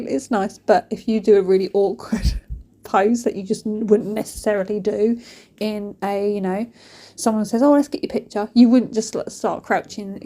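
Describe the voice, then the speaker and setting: Casual woman vlogger, mellow voice, animated and chatty storyteller. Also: medium pitch. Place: kitchen.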